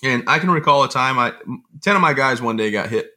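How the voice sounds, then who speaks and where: A man telling stories as an interview guest, in an animated, rambling conversational way. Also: mid-range voice. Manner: fast, animated storytelling with rambling asides. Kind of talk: conversational storytelling.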